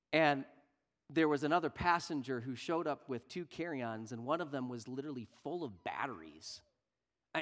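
A man preaching a sermon earnestly, dropping to near-quiet and rising loud for emphasis. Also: medium pitch.

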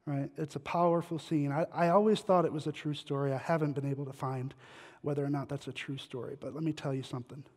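A man's voice: fairly high pitch, fairly even intonation, fast talker, a little mellow. A man preaching a sermon to a congregation, telling stories in a conversational way and asking the listeners questions. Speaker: guest pastor. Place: church sanctuary. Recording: long hall reverb.

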